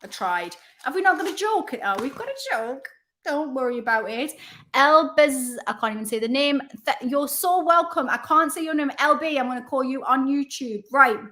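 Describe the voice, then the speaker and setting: A woman's voice: high-pitched, animated, normal speed, sharp tone. Woman host, casual live chat, rambling and self-mocking, chatty and kind. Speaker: livestream host.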